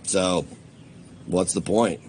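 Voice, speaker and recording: A man on a livestream goes off in an angry rant, swearing freely. His voice jumps up into heated outbursts and then drops into low, bitter muttering. Faint noise hums under the recording. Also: slow, darkish tone.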